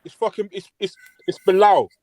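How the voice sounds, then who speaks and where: A man's voice: sits high, moderate pace, dark tone, no room sound. A man on an online call, making threats in heated trash talk and tacking "blood" and "bruv" onto his lines.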